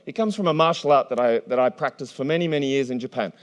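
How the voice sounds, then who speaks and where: Energetic male conference moderator. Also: medium pitch, fast talker, clean tone. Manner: energetic, playful, with frequent restarts. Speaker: panel moderator. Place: large conference hall.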